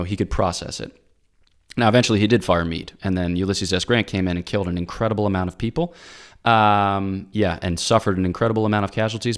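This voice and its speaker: Man, priest, lowish voice, casual advice talk, earnest, frequent check-ins. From Pennsylvania, USA. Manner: earnest, lively explainer, frequent "okay?" and "all right?" check-ins.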